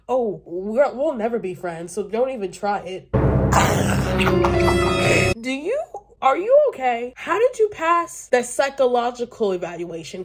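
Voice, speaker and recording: A woman chatting casually on her vlog about a romance book, animated and talkative, full of fillers and exasperated asides. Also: high-pitched. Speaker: book vlogger. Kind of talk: casual book review chat.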